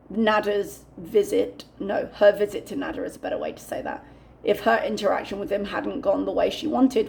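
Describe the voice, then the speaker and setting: A young woman talks through her commentary with a noticeable gravelly fry in her voice, sitting at a middling pitch. She rants openly and swears without holding back, and her tone stays candid and unfiltered. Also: a little mellow. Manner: ranting, candid, swears freely. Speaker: reaction channel host.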